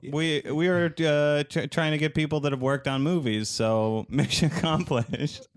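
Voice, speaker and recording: A man's voice: a little high, moderate pace, smooth. A man co-hosting a casual podcast who laughs a lot, teases his co-host and steers the talk. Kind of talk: casual chat.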